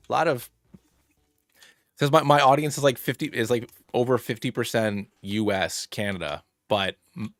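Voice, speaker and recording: A man streaming a game live, rambling through his moves and excitedly thanking viewers by name. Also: on the low side, dry recording. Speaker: streamer playing a fusion monster game. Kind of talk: casual live-stream chat and game commentary.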